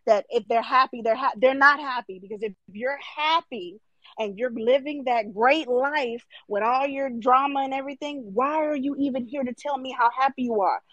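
A woman's voice: high voice, normal speed, fairly bright tone, dry recording, dull audio. A young woman arguing her point on a live stream, emphatic and mocking, now and then mimicking her critics. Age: 20s. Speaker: livestream guest. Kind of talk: heated debate.

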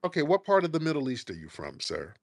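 A man's voice: on the high side, huge pitch swings, fast talker, gravelly, darkish tone. A man hosting a call-in radio show, blunt and mocking, with a profane, confrontational way of talking.

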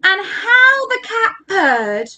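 English woman, children's workshop reader, high bright voice, slow and lively. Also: dull audio. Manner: animated, coaxing children to join in. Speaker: education workshop leader. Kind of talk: interactive read-aloud for children. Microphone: home recording for online workshop.

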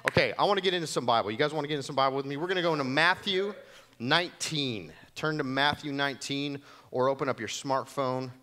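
A man's voice: mid-range voice, quick pace, bright, forceful tone. Male preacher, casual storyteller, playful, does voices for the people in his anecdotes. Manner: conversational, jokey, acts out voices in his stories. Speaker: pastor. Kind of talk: sermon. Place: church.

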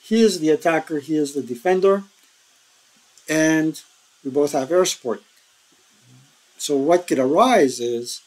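Guy walking through board game rules, kinda high voice, lots of ums and uhs, casual tutorial vibe. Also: poor audio. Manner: explains step by step with many ums and uhs, animated in bursts.

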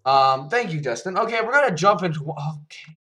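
A man giving live gameplay commentary, excitable, repeating words in bursts and yelping when he gets hit. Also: fairly high pitch, fairly quick. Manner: yelps and laughs when hit. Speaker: gaming YouTuber.

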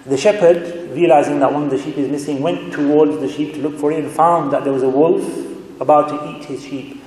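A man giving a sermon as a guest speaker, telling stories in a chatty, animated way in a mosque hall. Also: on the high side, fairly quick. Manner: conversational, animated storytelling with asides. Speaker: guest speaker, religious scholar. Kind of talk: sermon with storytelling. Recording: echoey hall reverb.

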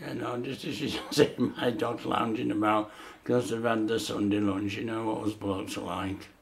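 A man chatting fondly in a relaxed way while filming his dogs at home. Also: lowish voice, normal speed, gravelly. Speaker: dog owner vlogger. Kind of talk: casual home vlog.

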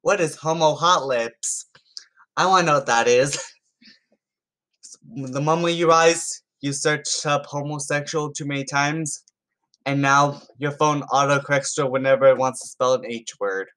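A man's voice: on the high side, fairly even intonation, measured pace, fairly bright tone, clean tone. A man reading funny text messages aloud and commenting on them in a casual, amused way, often stumbling over his words and restarting. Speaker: YouTuber.

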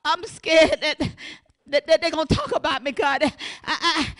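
High bright-voiced woman preaching fervently. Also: steady tone, moderate pace. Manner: fervent, shouting in bursts, then dropping to hushed talk. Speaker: pastor. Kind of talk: sermon.

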